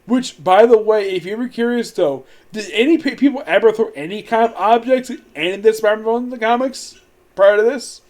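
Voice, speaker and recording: Guy with a high voice chatting through a movie review, rambly, lots of likes and restarts. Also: moderate pace, darkish tone. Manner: rambling, amused, many fillers and restarts. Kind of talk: casual spoken review.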